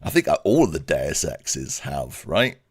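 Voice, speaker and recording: A man's voice: very deep voice, sing-song, unhurried, slightly rough. A man giving a casual channel update, rambling and self-deprecating, laughing often. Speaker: YouTube creator.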